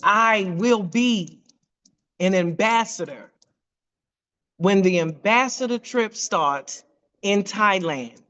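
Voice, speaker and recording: A woman telling an animated testimony on a video call, acting out quoted voices with big jumps in pitch. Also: slow, pauses often, muffled recording. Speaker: team member sharing a testimony.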